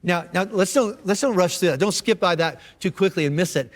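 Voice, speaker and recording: A man's voice: high voice, brisk, long reverb tail. A man preaching a sermon as a pastor, telling the story in a casual, conversational way with frequent restarts. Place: church auditorium.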